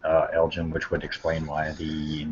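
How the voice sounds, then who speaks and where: A man running a tabletop game as game master, explaining rulings in a relaxed way. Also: rumbling low, unhurried, a little hiss or hum. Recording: dull lo-fi recording with faint ambience.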